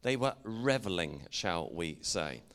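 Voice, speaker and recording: A man's voice: low-pitched, sing-song, unhurried, fairly bright tone, clear, resonant tone. An English preacher telling a playful, jokey story to his congregation and teasing the listeners as he goes. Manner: playful, jokey, engages the audience.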